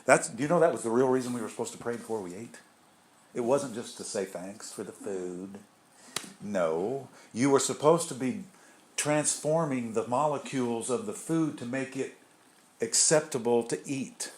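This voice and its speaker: A group leader gives an informal spiritual talk, his medium-pitched voice carrying a darkish tone at normal speed. He rambles conversationally, often restarting and adding asides.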